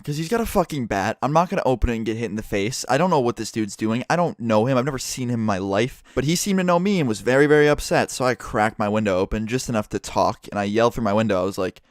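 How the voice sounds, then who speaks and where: Young man, vlogger, quick profane storytelling, dry sound, home room. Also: medium pitch, lively intonation, no echo. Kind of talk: storytime vlog.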